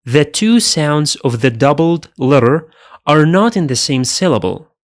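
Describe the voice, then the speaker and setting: A man teaching Arabic pronunciation in a scripted lesson, speaking deliberately and saying each sound twice. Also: on the high side, very animated. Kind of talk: slow scripted lesson narration.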